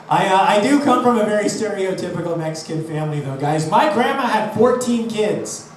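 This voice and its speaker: The voice is a man's, high-pitched and expressive, moving at a moderate pace over slight background noise. He's a comic from Los Angeles, USA, doing a brash, profane stand-up set that mocks himself, recorded at a live venue in an echoey room with a distant mic and audience laughter.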